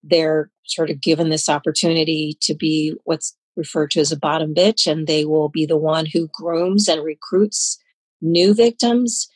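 A woman with a somewhat low voice answers interview questions in an earnest, explanatory manner. She stops now and then to make sure her point is understood. The recording is dry and close. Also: breathy edge, no room sound, poor audio. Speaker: anti-trafficking expert guest.

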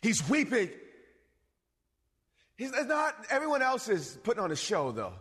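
Man preaching, high voice, husky edge, lively swings, big hall reverb. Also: moderate pace. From suburbs. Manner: animated, swings between loud bursts and low asides. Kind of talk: sermon.

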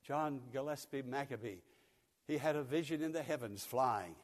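A man's voice: medium pitch, moderate pace, big-room sound. An older man from Pennsylvania preaching a sermon, telling a folksy story and chuckling often. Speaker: pastor. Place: church sanctuary.

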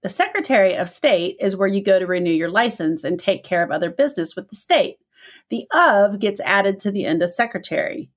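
A middle-aged woman co-hosts a relaxed chat, reading listener notes and telling family anecdotes. She talks freely and laughs often, with a voice of ordinary pitch. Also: fairly quick. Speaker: podcast co-host.

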